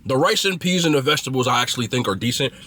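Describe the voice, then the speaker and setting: A man's voice: mid-range voice, animated, racing, sharp tone, a little hiss or hum. A man casually reviewing food he is eating, chatty and blunt, with loose slangy talk.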